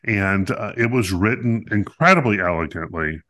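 A man's voice: fairly low pitch, lively intonation, normal speed, sharp tone. A man co-hosting a podcast, reviewing a musical in casual chat, talkative and playful with many fillers.

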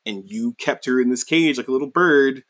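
A man's voice: mid-range voice, a little fast, a bit bright, natural voice. A man voicing a defiant young male prisoner who taunts his captor, in a casual retelling. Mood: taunting. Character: defiant young male captive, calm and cutting.

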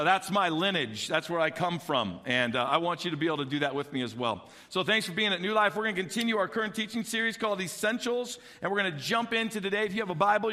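Animated pastor in an echoey hall. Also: male voice, high voice. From Illinois. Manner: animated storytelling, acting out childhood voices. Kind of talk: sermon.

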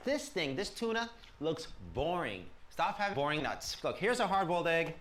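A man voicing a loud male infomercial pitchman with fast, pushy sales patter, in an echoey room with loud background noise. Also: sing-song. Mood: hyped sales pitch.

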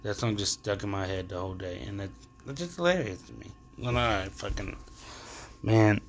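A young man with a lowish voice, chatting alone on his podcast. He rambles loosely and swears casually, and a faint hiss sits under his words. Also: normal speed. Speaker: podcast host. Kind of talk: casual solo monologue.

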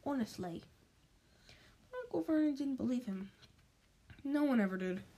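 A woman with a high voice reads a storybook aloud. She stumbles often and restarts words and phrases as she goes. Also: animated, fairly quick, dark tone.

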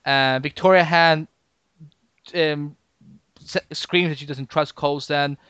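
A man hosting a podcast in casual chat, talking in halting bursts with lots of restarts and fillers. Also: a little high, steady tone, fairly bright tone, smooth, no room sound, lo-fi sound. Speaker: podcast host.

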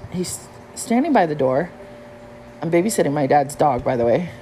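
A woman's voice: deep voice, animated, moderate pace, background noise. A woman hosting her own podcast, telling a story in a blunt, profane, casual monologue from home. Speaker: podcast host.

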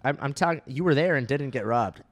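Young man, casual banter, lively intonation, dry close sound. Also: medium pitch, brisk, dry recording. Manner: laid-back, joking, laughs often. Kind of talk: casual chat.

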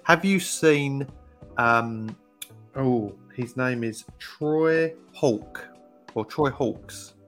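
Man, chatty podcast host, storyteller, medium pitch, faint background music. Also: extremely slow, fairly bright tone. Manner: storytelling, acts out quoted voices. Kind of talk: casual chat.

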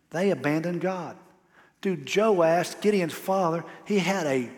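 A man pastor preaching a sermon in a casual, emphatic way with slangy asides. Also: on the high side. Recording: long hall reverb.

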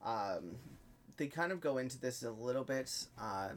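A man's voice: mid-range voice, animated, moderate pace, slight background noise. A man co-hosting a podcast in casual chat, recapping a TV episode's plot step by step with frequent filler sounds. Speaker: podcast co-host.

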